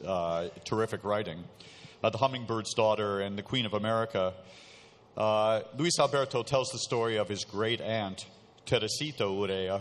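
Man, moderator, deepish voice, halting with fillers, echo of a hall. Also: a little hiss or hum. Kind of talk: panel discussion. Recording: reverberant hall.

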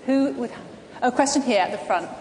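A woman's voice: on the high side, normal speed, slight background noise. Woman hosting a stage interview, echoey hall. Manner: warm prompting questions, addressing the audience. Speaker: interviewer and event host. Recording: echoey hall with long reverb, faint ambience.

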